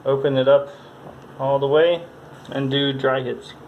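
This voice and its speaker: A man giving a casual hands-on tutorial, talking in a halting, mumbling way as he works, recorded on a phone. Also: mid-range voice, steady tone, phone-quality sound. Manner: mumbling, halting, thinking aloud. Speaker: tutorial presenter. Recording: faint background noise from phone recording.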